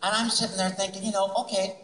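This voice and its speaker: A man telling an animated story at a convention panel, laughing and acting out voices, recorded in an echoey hall from far off. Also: sits high, fast, slight background noise. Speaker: guest speaker.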